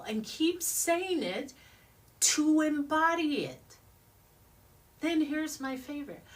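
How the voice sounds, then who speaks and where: A woman's voice: high voice, sing-song, a little slow, distant mic. A woman giving a motivational talk in a studio, speaking emphatically and repeating affirmations in rhythmic chants.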